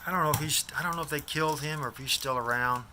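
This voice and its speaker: A man's voice: on the high side, fast talker, noisy background. A man in his fifties from Iowa, telling a rambling personal story in a casual way, often losing names and restarting sentences. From Des Moines, Iowa. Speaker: vlogger.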